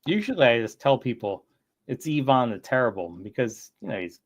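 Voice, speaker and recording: A man's voice: mid-range voice, sing-song, brisk, highs cut off. A man hosting a casual livestream chat, telling rambling stories and laughing often. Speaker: streamer.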